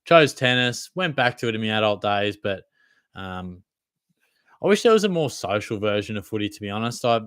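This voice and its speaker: A man's voice: fairly low pitch, very animated, normal speed, fairly bright tone, clean tone, no echo, clean studio sound. A young Australian man hosting a casual livestream Q&A, reading out chat questions in a laid-back, blokey way, calling everyone mate and swearing freely. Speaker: fantasy football livestream host.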